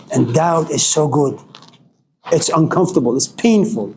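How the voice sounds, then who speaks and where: Male lecturer, philosophical and digressive, mellow tone, slow deliberate delivery. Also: fairly high pitch, a little hiss or hum, rough recording.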